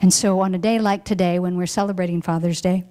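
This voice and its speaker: A woman's voice: on the low side, fairly even intonation, fast talker, warm tone. Woman minister giving a heartfelt sermon. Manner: heartfelt, reflective, emotional at times. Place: church hall.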